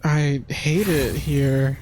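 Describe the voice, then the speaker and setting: Young male streamer, slow delivery, slightly high voice, exasperated self-mocking commentary. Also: fairly even intonation, darkish tone, a little hiss or hum. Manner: frustrated, joking, swears and laughs at himself. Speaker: gaming streamer. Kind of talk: casual let's play commentary. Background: faint game music.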